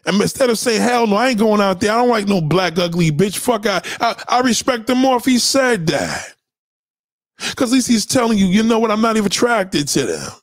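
A man's voice: high voice, sing-song, brisk, no room sound, studio quality. A man hosting a livestream, ranting bluntly and profanely at his chat and hammering his points home by repeating them. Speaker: livestream host reacting to chat. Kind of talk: unscripted livestream commentary.

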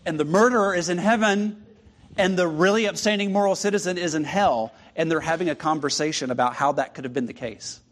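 A man preaching a sermon in a conversational, halting way with frequent restarts. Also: on the high side.

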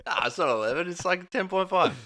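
A man co-hosting a podcast from a small room at home, chiming in with quick, joking, sweary reactions. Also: high voice, lively intonation, sharp tone. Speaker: podcast co-host. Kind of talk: casual podcast chat.

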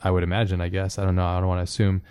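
Laid-back guy hosting a podcast, warm low voice, keen, piles on the questions. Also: monotone, smooth, no room sound. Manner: enthusiastic, casual, rapid-fire questions. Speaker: podcast host. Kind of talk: casual podcast conversation.

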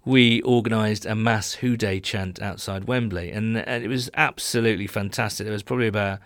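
A man's voice: lowish voice, fairly even intonation, a little fast, a bit bright, dry recording. A man co-hosting a casual sports chat podcast, rambling and laughing easily as he tells stories. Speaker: podcast co-host. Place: small home room.

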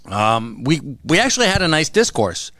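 A man co-hosting a casual podcast, telling a story with animated retelling and free swearing. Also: a little high, normal speed, no room sound, studio quality. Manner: animated storytelling, acts out quotes, swears freely. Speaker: podcast co-host, comic shop worker. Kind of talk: casual chat.

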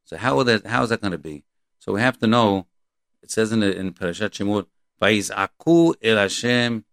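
A man teaching a Torah class, quoting Hebrew verses and translating them, in a halting, repetitive but earnest and emphatic way. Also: lowish voice, gravelly, no room sound, clean studio sound.

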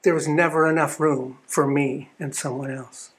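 A man voicing God in a spoken parable, calmly turning a visitor away and then welcoming him. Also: a little high, moderate pace, background noise, pitched below the performer's own voice, natural voice. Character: God speaking at heaven's gates, male.

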